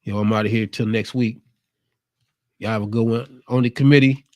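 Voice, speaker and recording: A man's voice: lowish voice, fairly even intonation, normal speed, long pauses, no echo. A man hosting his own show, delivering a casual, streetwise motivational monologue with a preachy edge. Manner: laid-back, streetwise, preachy. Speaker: show host.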